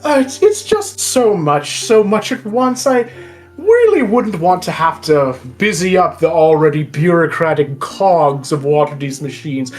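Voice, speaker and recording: A woman's voice: fairly low pitch, a little mellow. Woman playing Volo, a pompous bard. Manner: grandiose, theatrical, florid. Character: flamboyant pompous older man bard.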